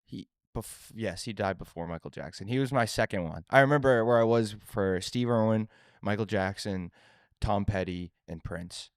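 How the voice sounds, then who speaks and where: A man's voice: fairly low pitch, normal speed, smooth, dry recording, clean studio sound. A man in his twenties co-hosting a podcast, talking in casual banter that is full of laughs, swearing and restarts. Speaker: podcast co-host.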